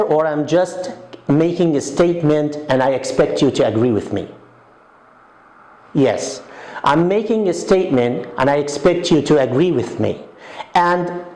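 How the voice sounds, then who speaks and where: A man teaching an English grammar lesson, explaining slowly and repeating his example sentences. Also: fairly high pitch, a little mellow. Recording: echoey room.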